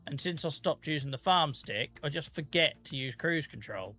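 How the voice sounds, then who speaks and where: A man's voice: on the high side, animated, moderate pace, bright, forceful tone, soft background music. A British man chatting casually on a live gaming stream, joking, teasing his chat and swearing freely. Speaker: game streamer.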